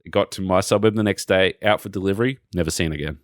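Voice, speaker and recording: Sweary Australian man, very low voice. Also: fast talker, no room sound, studio quality. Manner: sweary, rambling storytelling. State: recently sick. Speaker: podcast co-host. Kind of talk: casual chat.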